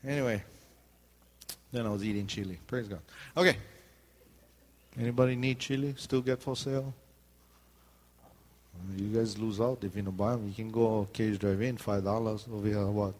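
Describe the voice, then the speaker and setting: A man's voice: lowish voice, fairly even intonation, moderate pace, long pauses, a little mellow. A middle-aged man with a Hawaiian Pidgin accent, preaching in a chatty, joking storytelling way. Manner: chatty storytelling, jumps into voices. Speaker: pastor. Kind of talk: joking sermon talk.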